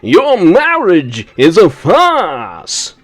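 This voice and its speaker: A man putting on the voice of a pompous, theatrical middle-aged British man, with booming, drawn-out emphasis. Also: wildly swooping pitch, no room sound, faint music behind, full character voice.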